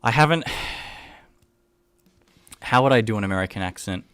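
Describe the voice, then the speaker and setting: Laid-back Australian man, low voice. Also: slow pace, clean tone, dry recording. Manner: rambling, relaxed, many fillers and restarts. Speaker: animator streaming live. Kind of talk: casual livestream chat.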